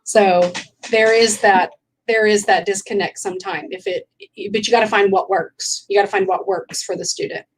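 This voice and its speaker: A woman's voice: mid-range voice, lively intonation, normal speed, a little hiss or hum, poor audio. A woman, a mother and teacher, explaining earnestly in a casual video chat.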